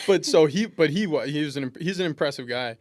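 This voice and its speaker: A man's voice: a little high, dry recording. A man in his twenties, a pro football lineman, telling laid-back funny stories in an interview with lots of restarts. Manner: laid-back, humorous anecdotes with many restarts. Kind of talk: casual interview storytelling.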